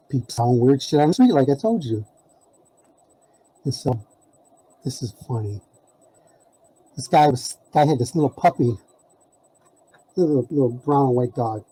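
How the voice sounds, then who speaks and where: As a podcast guest, a man tells a rambling, casual story peppered with "you know" fillers and laughter. His voice is medium-pitched and dark with a breathy edge, and the recording is rough.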